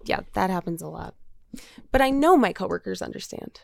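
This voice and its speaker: A woman's voice: lowish voice, animated, a little fast, gravelly, dry recording, clean studio sound. A woman co-hosting a podcast, chatting candidly and often laughing. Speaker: podcast co-host. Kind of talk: casual chat.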